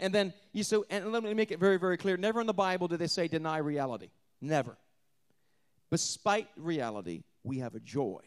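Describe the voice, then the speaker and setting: Animated preacher, man with lively pitch. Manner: animated, dramatic swings between loud emphasis and hushed delivery; repeats words when restarting. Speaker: pastor. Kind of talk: sermon.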